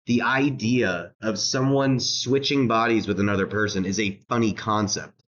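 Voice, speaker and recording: A man's voice: fairly low pitch, moderate pace, fairly bright tone, dull audio. A man streaming a reaction rant, mocking and laughing as he talks, swearing and repeating himself.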